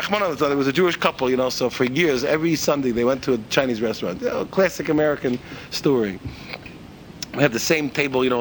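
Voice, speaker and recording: Guy giving a religious talk, fairly high voice, tells stories, keeps repeating himself, faint rumble. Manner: animated storyteller, rhetorical questions, repeats himself. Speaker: religious teacher. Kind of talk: spoken religious lesson.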